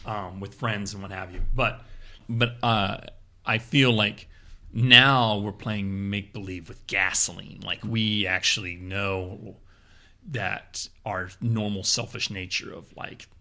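A man chatting casually on a podcast about improv, animated and quick to laugh. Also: fairly low pitch. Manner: animated, laughs often, jumps into playful quoted voices. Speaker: improv performer, podcast guest.

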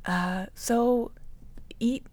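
A woman's voice: fairly high pitch, drawn-out words, darkish tone. A woman co-hosting a casual podcast, explaining nutrition topics and laughing often.

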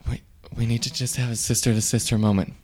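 An actor playing a tipsy, callous middle-aged sister who rambles wryly in an improvised comedy scene. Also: male voice, mid-range voice, little pitch movement, darkish tone, natural voice. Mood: scheming. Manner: rambling, halting, wry.

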